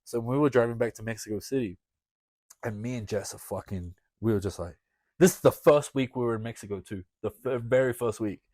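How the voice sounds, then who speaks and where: A man's voice: medium pitch, fairly quick, darkish tone, dry recording. Dry, close-miked man telling a story. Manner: swears a lot, laughs through the story. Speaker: wrestler guest. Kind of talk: casual storytelling. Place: podcast studio.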